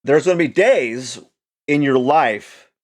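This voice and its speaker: A man talking casually and encouragingly to camera, rambling with lots of "like" and restarts, swinging between loud bursts and quiet asides. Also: mid-range voice, expressive, takes it slowly. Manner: rambling, heavy use of "like", frequent restarts. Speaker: channel host. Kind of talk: casual motivational monologue.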